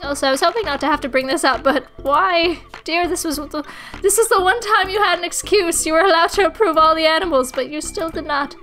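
A woman's voice: extremely high pitch, a little fast, bright, forceful tone, soft background music. A woman voicing a prim, kindly female coworker who talks formally with a put-on foreign-sounding accent and calls people "dear". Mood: stern disappointment.

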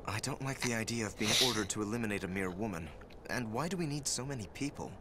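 An actor playing a wary mercenary soldier in a video game cutscene, guarded and uneasy. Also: male voice, lowish voice, animated, fast, lightly acted. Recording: game cutscene with noisy ambience.

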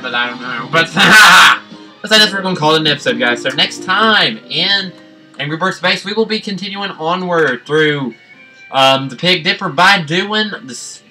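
A man's voice: on the high side, rough recording. Rambling man over game music. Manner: rambling, jokey, breaks into sudden excited yelps. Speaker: gaming channel host. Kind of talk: let's play commentary.

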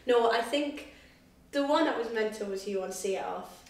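High, animated young woman in echoey room. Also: a crowd in the background. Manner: lively, quick to joke. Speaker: guest. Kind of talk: casual chat. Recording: very echoey room, distant mic.

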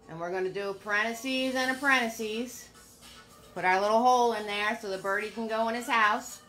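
A woman's voice: mid-range voice, pushed and bright. An older woman giving a live painting lesson, upbeat, chatty and encouraging. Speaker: painting instructor.

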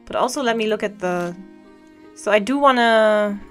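A woman's voice: medium pitch, normal speed, fairly bright tone. Woman streamer, chatty and playful, reads game text aloud, faint music underneath. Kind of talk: casual game commentary reading dialogue aloud.

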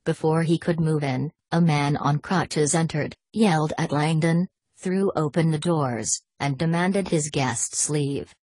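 A woman narrating an audiobook in a steady, even-paced reading voice. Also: low voice, a little slow, hardly any pauses, husky, no echo.

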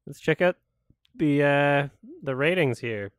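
Man, reaction host, casual swearing, frequent laughter, lively rising pitch, dry close sound. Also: a little slow, clean tone, no echo. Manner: laughs often, swears, bursts into loud excited exclamations.

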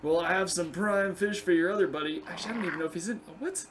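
A young man giving casual, excitable gameplay commentary, swearing and chatting to the game's creatures. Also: high-pitched, quick pace. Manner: excitable, profane, talks to game creatures. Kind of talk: casual let's play commentary.

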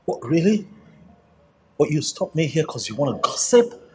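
A man's voice: fairly high pitch, big pitch swings, moderate pace, husky, soft background music, exaggerated voice. An actor with a Nigerian accent playing a persistent, smug, flirtatious male office colleague in a film. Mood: dismissive. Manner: persistent, cajoling, laughs at others. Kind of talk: Nollywood film acting.

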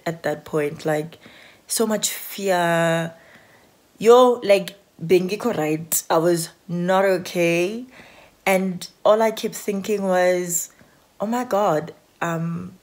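A South African woman vlogs at home, talking casually into a handheld phone camera. Her lowish voice is expressive and slow, and she rambles anxiously, using plenty of filler words.

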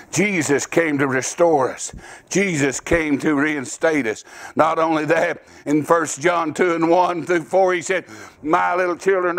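A middle-aged preacher delivers a revival sermon in a church. His voice sits high and carries a gravelly rasp. He rambles in a folksy way, then breaks into sudden shouts. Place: church sanctuary.

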